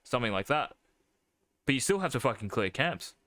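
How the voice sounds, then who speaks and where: A man's voice: medium pitch, very animated, brisk, a bit bright, no echo. A man coaching a player over a live stream, blunt and profane, calling his student mate. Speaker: game coach.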